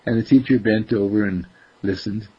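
A man telling a children's story aloud in a gentle, unhurried way with lively swoops. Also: on the low side, slightly rough. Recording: dull lo-fi recording.

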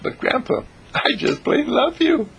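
A man voicing a loving, earnest nine-year-old grandson with a husky, creaky voice and a pleading, childlike manner. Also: very high voice, animated, measured pace, fairly bright tone, pitched above the performer's own voice, exaggerated voice. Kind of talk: storytelling.

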